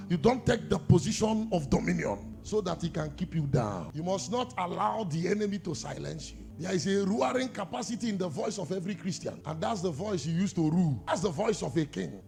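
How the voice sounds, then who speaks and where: A high-pitched male preacher with a Nigerian accent, his voice swinging widely from hushed, gravelly lows to full shouts. He calls for answers from his congregation as he preaches. Soft music plays behind him. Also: animated, fairly quick, hardly any pauses. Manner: swings from low murmurs to shouting, calls for responses. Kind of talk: sermon.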